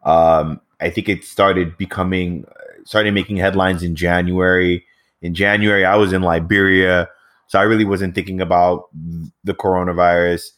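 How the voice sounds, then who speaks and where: A man interviewing a guest in a relaxed, rambling way with many fillers. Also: low-pitched, moderate pace. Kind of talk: conversational interview.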